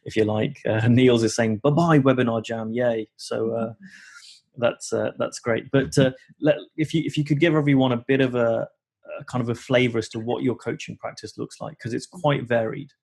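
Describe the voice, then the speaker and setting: A man's voice: medium pitch, fairly even intonation, normal speed, gravelly, a little mellow, breathy edge. A man hosting a live coaching webinar over a video call, talking casually with many fillers and restarts.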